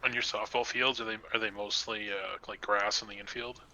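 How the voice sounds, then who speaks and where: Guy doing a goofy fake boston-new york accent, low and really bright and piercing, just rambles on. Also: steady tone, fairly quick, slight background noise, low-quality recording. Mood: rambling. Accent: mock Boston-New York hybrid. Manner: rambling, folksy storytelling. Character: wacky dim guy with a thick put-on accent.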